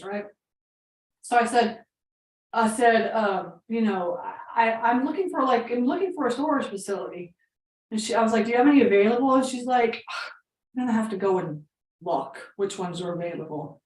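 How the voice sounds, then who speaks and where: A woman's voice: medium pitch, roomy sound, recorded from a distance, poor audio. A woman coaching on real estate investing, telling a story in a chatty, casual way full of fillers and quoted dialogue.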